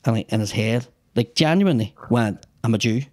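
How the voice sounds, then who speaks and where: Belfast comedian, animated storyteller, heavy swearing, middle pitch. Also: male voice, a little fast. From Northern Ireland. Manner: animated, heavy swearing, acts out voices in stories. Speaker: comedian guest. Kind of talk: casual podcast storytelling.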